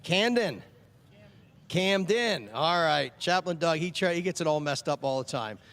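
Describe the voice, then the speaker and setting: High-voiced friendly chaplain at a speedway. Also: male voice, lively intonation, measured pace, fairly bright tone. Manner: friendly, joking, repeating names back. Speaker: track chaplain handing out ice cream vouchers. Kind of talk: casual chat with kids over a PA. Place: outdoors at a speedway.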